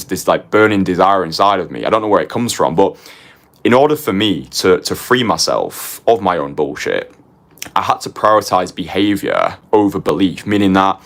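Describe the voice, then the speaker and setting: A man's voice: low-pitched, fairly bright tone. A young man teaching a motivational course as a dating coach, confessional and punchy, tagging his points with "right?" and casually swearing.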